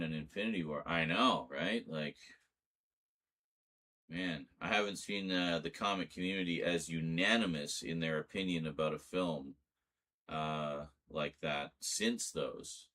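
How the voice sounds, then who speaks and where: A middle-aged man chatting casually to camera at home, relaxed and rambling. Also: measured pace. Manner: relaxed and rambling, slipping into a high sing-song voice to talk to his cat. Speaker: vlogger.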